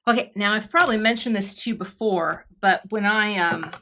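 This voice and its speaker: A woman's voice: medium pitch, fairly quick, pushed and bright, a little hiss or hum. A middle-aged woman from Washington State hosting a live card-making demo, chatting with her viewers and laughing often as she works. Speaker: craft product designer hosting a livestream.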